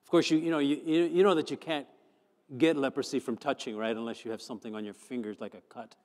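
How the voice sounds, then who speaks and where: A man, a pastor, preaching a sermon, moving from chatty storytelling to fervent, loud emphasis. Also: mid-range voice, fairly even intonation, quick pace. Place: church sanctuary. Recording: long church hall reverb.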